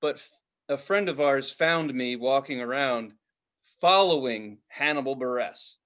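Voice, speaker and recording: A man's voice: mid-range voice, unhurried, a bit bright, highs cut off. A young man co-hosting a podcast, telling a long, rambling, profane story in casual chat. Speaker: podcast co-host.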